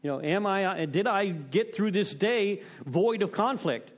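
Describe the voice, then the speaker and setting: A middle-aged man talks candidly about recovery steps, with a voice placed slightly high for a man. He rambles, restarts and leans on "you know." His tone is self-deprecating and confessional. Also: lively intonation, a little slow. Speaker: recovery meeting speaker.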